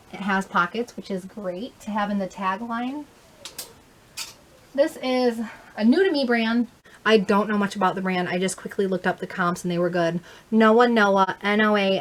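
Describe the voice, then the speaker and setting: A woman's voice: medium pitch, a bit bright. A young woman chatting casually in a haul vlog, rambling with fillers and correcting herself as she goes. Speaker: vlogger, thrift reseller.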